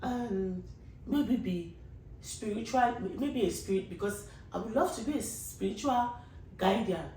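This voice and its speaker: A woman's voice: mid-range voice, a little slow, mellow, echoey room, recorded from a distance, slight background noise, poor audio. A woman podcast host, talking in a casual, rambling monologue and earnestly pleading with her listeners.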